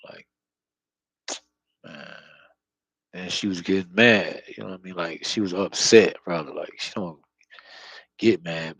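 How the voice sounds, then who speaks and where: A man with a low, gravelly voice rambles through an unscripted spiritual monologue, peppered with slang, cursing and constant fillers. He sits close to the mic in a dry, dead-sounding space with no room echo. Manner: slangy, profane, filler-heavy storytelling. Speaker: spiritual vlogger.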